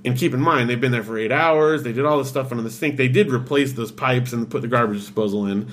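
Medium in pitch and a bit bright, this man's voice carries slight background noise. He tells a story in casual talk at a fast clip, animatedly mimicking the people in it and saying "like" constantly.

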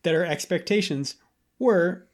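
A man's voice: sits high, normal speed. A young man hosting a podcast, chatting casually, laughing and reading quotes aloud. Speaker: podcast host. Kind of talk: casual chat.

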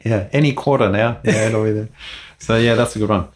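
A man co-hosting a podcast, chatting casually and talking through his opinions in a relaxed, frank way. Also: lowish voice, fairly quick. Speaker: podcast co-host.

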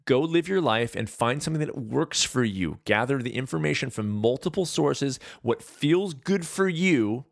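A man in his forties from California, hosting a podcast and talking in a casual, animated, self-mocking rant. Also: medium pitch, normal speed, vocal fry, few pauses, dry recording, clean studio sound. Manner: animated, ranting, self-deprecating. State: out of breath. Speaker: podcast host. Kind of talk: casual monologue.

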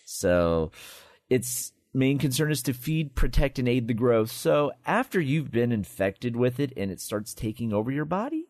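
Guy on a tabletop podcast going over monster stats, very lively voice, dry sound. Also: mid-range voice, normal speed, no echo. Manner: explanatory, lively, reading out game stats. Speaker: co-host of a tabletop game podcast. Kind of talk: casual chat about monster lore.

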